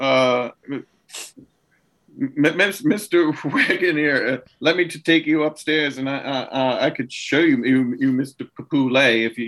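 A man's voice: mid-range voice, fairly bright tone. A man playing a tabletop game, narrating his character's actions with lots of stammers and restarts. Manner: stammering, many restarts and fillers. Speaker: player. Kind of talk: tabletop role-play narration.

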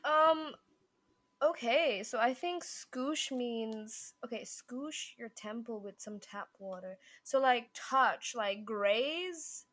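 A woman's voice: a little high, slow, fairly bright tone, dry recording. A young woman co-hosting a podcast, joking and teasing with a cheeky, laughing manner. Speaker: podcast co-host. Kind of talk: casual podcast chat.

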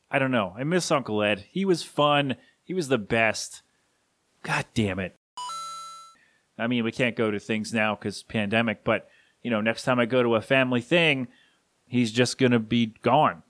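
Grieving man, halting podcast tribute. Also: medium pitch, a bit bright, dry recording. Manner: halting, rambling, emotional. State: grieving, voice catching. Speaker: podcast host.

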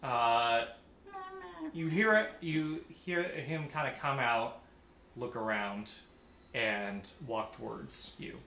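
A man's voice: medium pitch, takes it slowly, sharp tone. A man narrating as game master of a tabletop game, hesitant, with frequent ums and uhs. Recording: echoey room, distant mic, faint noise.

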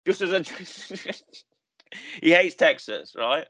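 A man co-hosting a wrestling review show, telling stories in a rambling, animated way with lots of repetition. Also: a little high, very slow, breathy edge. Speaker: podcast co-host. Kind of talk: casual chat.

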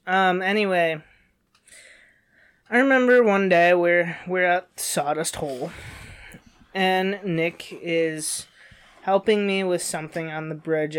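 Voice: mid-range voice, clean tone. A young adult co-host telling a story in casual chat, rambling with many fillers and restarts.

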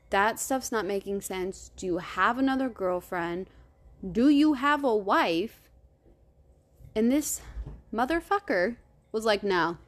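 A woman hosting a true crime podcast, retelling the case in a casual, animated way, cursing freely and acting out the quoted lines. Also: mid-range voice.

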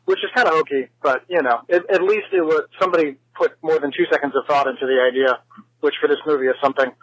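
A man's voice: on the high side, fast, fairly bright tone, no echo, lo-fi sound. A man leaving a rambling, wry voicemail message for a podcast, with many fillers. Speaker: voicemail caller.

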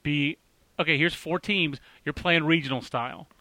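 Male host, bright and excitable, quick with restarts, dry close-mic sound. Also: fairly high pitch, no room sound. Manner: excitable, rapid, full of restarts. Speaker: baseball podcast host. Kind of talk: casual sports chat.

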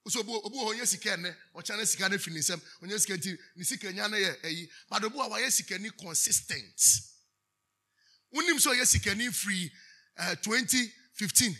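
A man's voice: sits high, brisk, sharp tone, husky. A Ghanaian man preaching a sermon, preaching emphatically, drawing answers from the congregation with questions and switching between English and Twi. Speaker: pastor.

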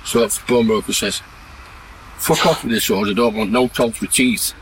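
Blunt farmer outdoors. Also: male voice, lowish voice, fairly even intonation, normal speed, poor audio. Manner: blunt, earthy joke-teller who laughs at his own punchlines. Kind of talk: telling rural jokes outdoors. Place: outdoors on a farm in mud and mist. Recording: field recording with background noise.

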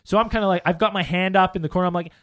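This man's voice is high and racing, captured with no room sound. Swearing liberally in casual talk, he narrates a story and vividly acts out everyone's lines.

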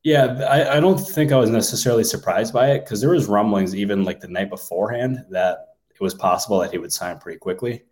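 A man co-hosting a sports podcast, musing casually and thinking out loud with many fillers. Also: lowish voice, a little fast, hardly any pauses. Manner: thinks aloud with many ums and likes. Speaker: podcast co-host, sports reporter.

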